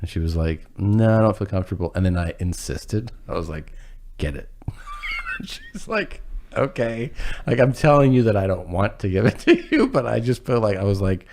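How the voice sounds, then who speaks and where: Man, low voice, lively swings; casual self-mocking storyteller doing quick voices for people in his story. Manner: rambling, self-deprecating, acts out quotes, laughs often. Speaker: comedian telling a story.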